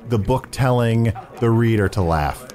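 A man's voice: mid-range voice, a little slow, a little mellow. A man hosting an improvised comedy chat, joking and often restarting his sentences. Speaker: host.

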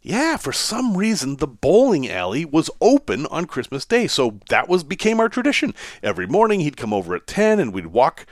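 A man's voice: a little high, huge pitch swings, normal speed, few pauses, no room sound, studio quality. A man, telling personal stories as a podcast host in a casual monologue and chuckling often. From Massachusetts, USA.

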